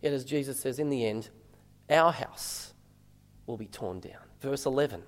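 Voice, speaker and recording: A man's voice: mid-range voice, moderate pace, long reverb tail. A man preaching a sermon as a minister, talking conversationally and asking the congregation rhetorical questions.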